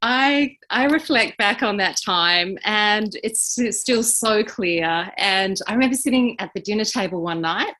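A woman, a podcast guest answering in an earnest, heartfelt way with halting restarts. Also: medium pitch, pushed and bright. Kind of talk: reflective interview answers.

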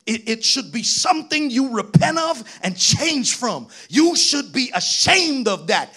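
A man preaching a sermon, reading scripture aloud and urging the congregation on, building to shouts. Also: extremely high pitch, creaky, breathy edge. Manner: reads scripture aloud, asks congregation to read on, rising to shouts.

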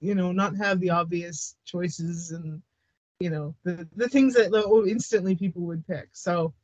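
Slow-talking, giggly Canadian woman. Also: fairly low pitch, darkish tone, no echo, poor audio. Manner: giggly, hesitant, many fillers. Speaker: podcast co-host. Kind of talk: casual chat.

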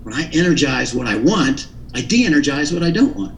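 A man's voice: medium pitch, sing-song, normal speed, echoey room, recorded from a distance, slight background noise, rough recording. A man being interviewed, explaining his ideas in an earnest, teaching tone with frequent restarts. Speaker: interview guest. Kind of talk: explanatory radio interview talk.

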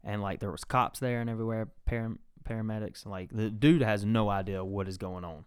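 A man's voice: fairly low pitch, steady tone, brisk, smooth, no echo, studio quality. A young man hosting a podcast, telling a rambling, profane story in casual chat. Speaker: podcast host.

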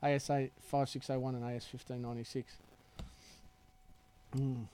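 A man's voice: medium pitch, little pitch movement, normal speed, mellow, a little hiss or hum. A man hosting a casual chat, reading out listener questions with dry, wry humor. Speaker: host.

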